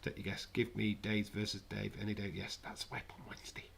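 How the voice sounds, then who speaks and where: A man's voice: fairly low pitch, completely flat delivery, fairly quick, creaky, fairly bright tone, in a whisper. A man hosting a live wrestling watch-along, chatting casually with sarcastic, rambling asides.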